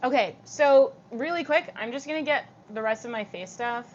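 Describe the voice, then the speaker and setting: Young woman with vocal fry. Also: fairly high pitch, moderate pace, highs cut off. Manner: chatty, giggly, reads and answers comments. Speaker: livestreamer reading chat. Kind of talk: casual livestream chat.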